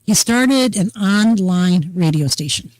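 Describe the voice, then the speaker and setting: An older woman hosting a casual talk show, her voice sitting at a middle pitch. She talks in a folksy, unhurried, storytelling way. The sound is dry and close, with no room echo. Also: expressive, a little mellow. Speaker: host. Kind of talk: casual chat.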